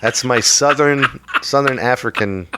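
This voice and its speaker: A man's voice: medium pitch, unhurried, background noise. A man co-hosting a podcast, chatting casually in a rambling, jokey way. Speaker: podcast co-host. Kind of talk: casual chat.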